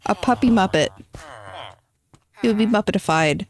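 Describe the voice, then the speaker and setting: While streaming a video game, a woman with a medium-pitched voice chats at a moderate pace with her viewers. She is casual and playful, teasing them as she reads out their messages.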